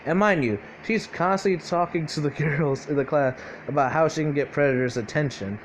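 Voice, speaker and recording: A man's voice: fairly high pitch, fairly quick, a little hiss or hum. A young man casually improvising a fan-fiction story aloud, rambling and profane, full of fillers and self-corrections.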